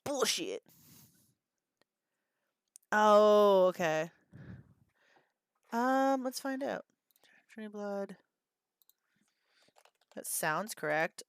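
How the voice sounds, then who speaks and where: A woman's voice: fairly low pitch, a bit bright, clear, resonant tone, no echo. A woman in her thirties hosting a livestream, chatting casually with viewers, laughing often and swearing freely as she reacts to chat. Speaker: livestream host.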